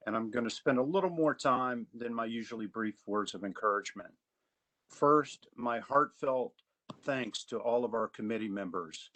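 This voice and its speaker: A man from Augusta, Georgia, chairing an advisory committee in a virtual meeting, giving earnest, measured prepared remarks. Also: medium pitch, a bit bright, rough recording.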